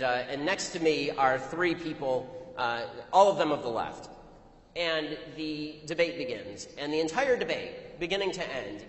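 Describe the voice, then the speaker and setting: A man delivering an anecdotal, argumentative speech to an audience, telling his story rapidly. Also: fairly high pitch. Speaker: public speaker. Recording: echoey hall, long reverb.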